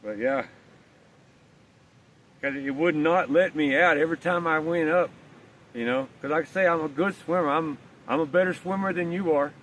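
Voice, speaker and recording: A man's voice: a little high, moderate pace, pauses often, a bit bright. A man telling a rambling, folksy story outdoors while walking his dog, swearing casually. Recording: distant mic, faint outdoor noise.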